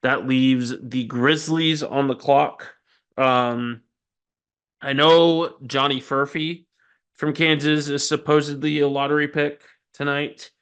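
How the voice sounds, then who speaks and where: A man's voice: a little high, steady tone, slow pace, fairly bright tone, clear, resonant tone. A man hosting a casual sports podcast, running through news with chatty, self-deprecating asides and frequent ums. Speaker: podcast host.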